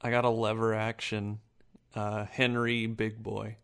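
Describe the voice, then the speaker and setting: A man's voice: fairly low pitch, flat delivery, unhurried, clean tone. A man co-hosting a podcast in loose, profane casual chat, laughing often. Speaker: podcast co-host.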